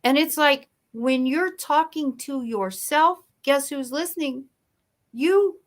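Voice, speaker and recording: As a guest in a motivational interview, a woman tells her story emphatically, shifting her pace for effect. Her voice is high and she takes it slowly.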